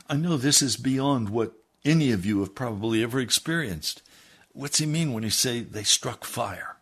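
A man preaching a sermon, reading aloud from a book and then pleading with his listeners, dropping low and quiet and then building to loud, emphatic appeals. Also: lively intonation, moderate pace, slightly rough. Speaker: pastor.

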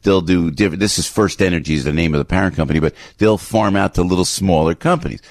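A man hosting talk radio, telling stories in an excitable, animated way. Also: low voice, fast talker, no room sound, studio quality. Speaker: radio host. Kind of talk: casual talk radio storytelling.

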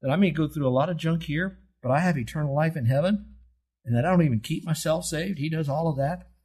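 A man's voice: a little high, fast talker, darkish tone, slightly rough. A man in his seventies preaching a sermon, teaching in an emphatic way with rhetorical questions and telling listeners to circle and underline words. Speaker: pastor.

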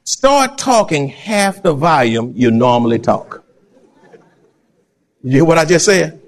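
A male preacher delivers a lively sermon, laughing often and moving from loud calls to quiet asides. His voice sits high and leaps all over the scale. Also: slow. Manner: animated, laughing, swings between loud and soft. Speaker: pastor.

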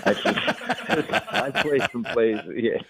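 A man's voice: mid-range voice, sing-song, drawn-out words, gravelly, a crowd in the background. A man, a comedian guest calling in, telling stories in a rambling, self-interrupting way. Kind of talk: casual radio interview. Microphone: phone call. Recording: tinny phone line.

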